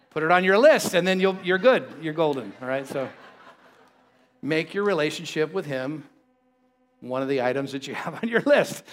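A man's voice: on the high side, a bit bright. A man preaching a sermon to a congregation, conversational and playful, often joking with the people in the room. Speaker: pastor.

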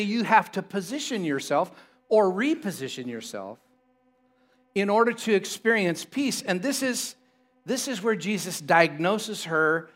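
A man's voice: high-pitched, a bit bright. A man preaching a sermon to a congregation, conversational and playful, often joking with the people in the room. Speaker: pastor.

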